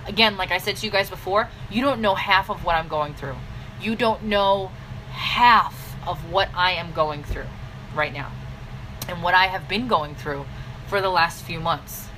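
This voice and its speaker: A woman business coach giving a blunt, scolding pep talk straight to camera, with sudden swings in pitch. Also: pushed and bright, a little hiss or hum, low-quality recording. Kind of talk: direct-to-camera motivational vlog.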